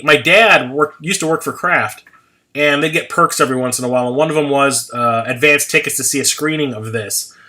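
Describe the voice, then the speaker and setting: Bright, chatty American man rambling. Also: fairly high pitch. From United States. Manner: rambling, swears casually, laughs at himself. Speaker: livestream host. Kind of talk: casual livestream chat.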